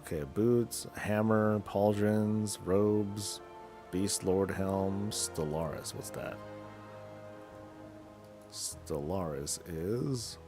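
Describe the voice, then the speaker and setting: A man streaming a game, chatting casually in a loose, slangy, rambling way as he thinks out loud. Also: lowish voice, very slow, music in the background. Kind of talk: casual chat while gaming.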